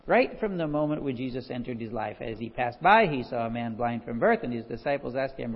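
A man's voice: medium pitch, brisk, few pauses, husky, big-room sound, muffled recording. A man preaching a sermon, reading scripture aloud and telling stories with frequent chuckles. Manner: animated storyteller, chuckles often. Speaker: pastor.

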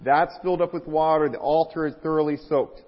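A man preaching a sermon as a guest speaker, retelling a scripture story with lively asides and mocking emphasis. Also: on the high side, brisk, in a large hall, highs cut off.

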